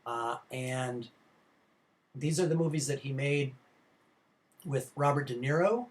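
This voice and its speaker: A man's voice: mid-range voice, takes it slowly. A middle-aged man giving a recorded film lecture to students, rambling and informal, with many fillers and restarts. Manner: informal, addresses students directly.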